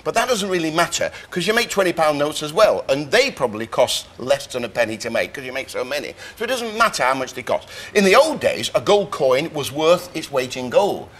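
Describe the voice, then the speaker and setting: An older man explaining science facts on a chat show, animated, breaking into quick impressions of sounds and voices as he goes. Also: on the high side.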